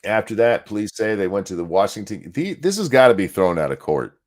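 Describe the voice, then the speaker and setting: Lower-voiced male podcast co-host with a lively pitch, reads an article aloud and adds snarky side comments. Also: a little fast. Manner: reads aloud with sarcastic asides and profanity. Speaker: podcast co-host reading news.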